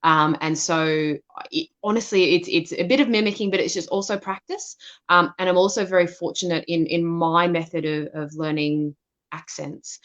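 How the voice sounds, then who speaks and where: A woman's voice: low-pitched, fairly bright tone. A woman, assistant director and narrator, answering questions at a live Q&A in a thoughtful way, often restarting her sentences. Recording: dull lo-fi sound.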